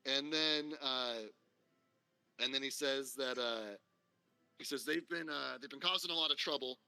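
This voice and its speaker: A man's voice: medium pitch, measured pace, gravelly, pushed and bright, clean tone, no room sound, soft background music, low-quality recording. A man narrating a tabletop game as game master, in a loose, rambling way with many fillers.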